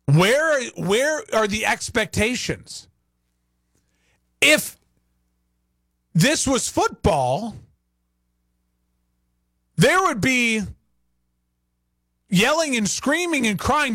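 Male sports talk host, animated, opinionated rants, high lively pitch. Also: takes it slowly, pauses often, no room sound, studio quality. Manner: animated, ranting, rhetorical questions.

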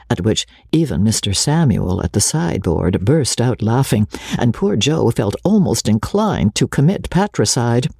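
A man narrating a classic novel in a breathy voice, often sinking to a near-whisper. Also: mid-range voice, very animated, moderate pace, darkish tone, no echo, studio quality. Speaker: audiobook narrator. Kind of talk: storybook narration.

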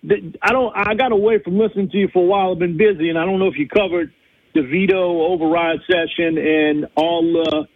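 A man's voice: high-pitched, steady tone, brisk, no room sound. A man calling in to a radio talk show, complaining in a heated, rambling way. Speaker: caller. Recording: tinny phone line.

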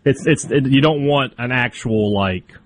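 A man's voice: medium pitch, unhurried. A man co-hosting sports radio, good-humored and a little defensive, often restarting his sentences. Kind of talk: casual sports radio banter.

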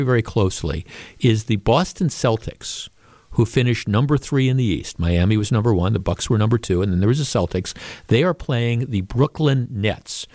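A male radio host chats through the news in a loose, conversational way, often stopping and restarting his sentences. His voice sits at an ordinary middle pitch, and the studio sound is dry and close, with no room echo. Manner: conversational, with frequent restarts, and animated when quoting. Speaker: radio talk show host. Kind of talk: casual talk radio monologue. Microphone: studio microphone.

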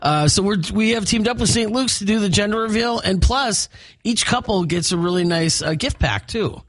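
This woman's expressive, mid-range voice carries upbeat live banter on her morning radio show, recorded dry in a radio studio. She talks at normal speed, chatty and packed with fillers and restarts.

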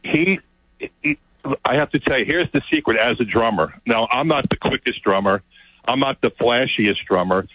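A man telling an excited story as a guest, often repeating his words. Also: mid-range voice, normal speed, slightly rough, no room sound. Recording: dull, lo-fi sound.

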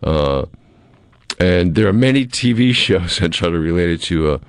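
Deep-voiced radio host, rambling. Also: male voice, animated, normal speed, clean tone, no room sound, studio quality. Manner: rambling, many restarts, chuckling. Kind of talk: casual talk radio chat. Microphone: studio microphone.

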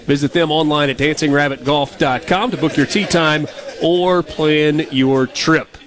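A man hosting a sports talk radio show, reading sponsor spots in a brisk, upbeat way. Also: a little high. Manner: brisk, upbeat ad-read delivery.

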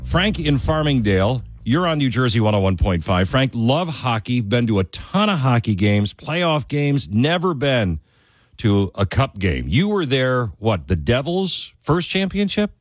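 A man's voice: medium pitch, very animated, a little slow, dry recording, studio quality. A man hosting a call-in radio talk show, chatting in a friendly way with callers. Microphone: studio microphone.

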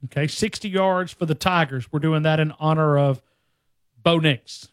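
A man with a Southern drawl runs a sports call-in show, pitched a little high. He talks loosely, with lots of fillers. The sound is close and dry. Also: moderate pace, clean tone, dry recording. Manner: relaxed, easygoing, many fillers. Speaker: sports radio host. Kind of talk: call-in radio chat.

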